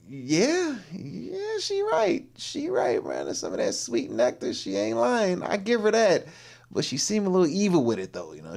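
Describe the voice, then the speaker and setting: A man hosting a livestream and reacting to a video in casual, slangy commentary, exclaiming and laughing as he goes. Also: on the high side. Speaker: livestream host.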